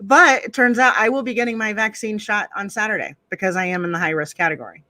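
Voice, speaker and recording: Guest, candid casual chat, quick to laugh, crisp bright tone. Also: mid-range voice, dry recording. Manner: candid, self-deprecating, laughs easily.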